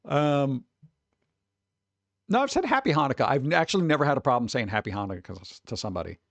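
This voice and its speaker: A man's voice: mid-range voice, sing-song, fast talker, no echo. An American man chatting casually on a livestream, rambling, laughing often and trailing off. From United States. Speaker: VTuber streamer.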